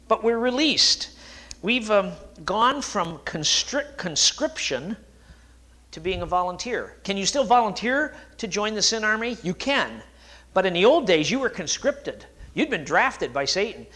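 A middle-aged man preaching a sermon as a pastor, animated, with self-deprecating asides. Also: sits high.

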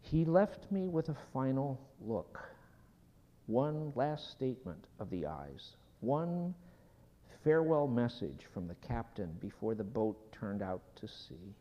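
A man preaching a sermon, telling a personal story slowly and dropping at times to a hushed whisper before leading a prayer. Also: mid-range voice, very animated. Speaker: pastor. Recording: dull sound in a hall with long reverb.

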